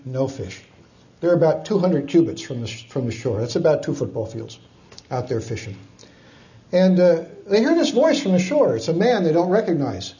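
Distant echoey preacher man. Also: a little high. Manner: animated storytelling with chuckles and many fillers. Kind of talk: sermon. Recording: distant, dull, echoey room.

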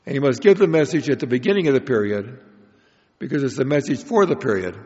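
A man teaches through a prepared Bible lecture, explaining each point in a measured way. His voice sits at an ordinary pitch. The recording is dull and lo-fi, with the long reverb of a large hall. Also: expressive, a little mellow. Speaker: Bible study speaker.

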